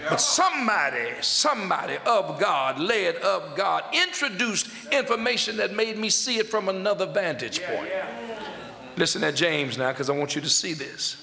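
A man's voice: high-pitched, gravelly. A man preaching a sermon in an emphatic, folksy style, repeating phrases and stretching words out for stress. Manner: folksy Southern-style preaching with loose grammar. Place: church sanctuary. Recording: echoey hall sound.

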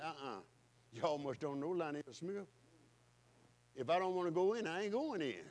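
High-voiced preacher, rhythmic sermon. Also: male voice, animated, moderate pace, long pauses. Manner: rhythmic preaching, swings between loud calls and hushed passages; repetitive, call-and-response phrasing. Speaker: pastor.

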